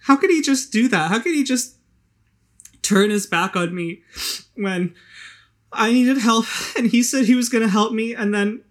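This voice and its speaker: A game master voicing a despairing, drunk, cursed young woman who talks in a halting, self-pitying way and repeats her words. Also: mid-range voice, fairly bright tone, pitched above the performer's own voice.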